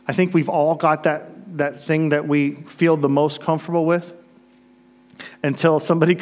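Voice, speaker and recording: A middle-aged male preacher from Florida with a fairly high voice. He delivers his sermon with earnest storytelling, rising to emphatic peaks and dropping to near-hushed asides. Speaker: pastor.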